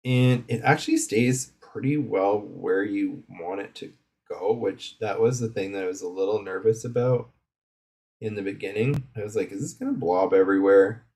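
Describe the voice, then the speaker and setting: A man's voice: lowish voice, moderate pace, darkish tone, breathy edge. A man hosting a live coloring stream, chatting casually and rambling from his craft desk. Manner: rambling and chatty, with many fillers and asides.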